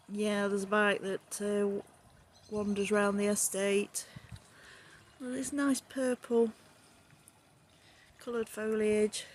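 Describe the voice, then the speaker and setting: A woman with a Nottingham accent chatting casually on a live stream while strolling around her garden, filming on a handheld phone. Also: fairly high pitch. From England. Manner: relaxed, chatty, drifting from one remark to the next. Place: home garden outdoors in the evening. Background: faint outdoor ambience, water.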